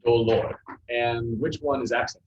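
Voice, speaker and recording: A male teacher talks his class through Spanish pronunciation, pausing often with ums and uhs. The recording is dull and lo-fi, with a faint hiss. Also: mid-range voice. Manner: relaxed, halting explanations with many fillers. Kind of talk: classroom lesson.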